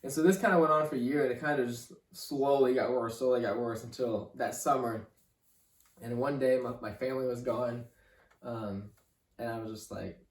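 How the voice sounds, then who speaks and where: A young man tells his faith testimony in a halting way, repeating words and leaning on "like". His voice sits in a middling register. The sound is echoey and he is set back from the mic. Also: medium pitch, fairly even intonation, far from the mic. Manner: halting, repeats words, leans on "like" and "you know". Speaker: podcast guest. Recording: roomy room, voice off-mic.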